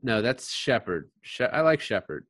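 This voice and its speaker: A man co-hosting a casual podcast chat about a film, blunt and animated, often swearing and quoting scenes. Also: medium pitch, normal speed, no echo. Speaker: podcast co-host.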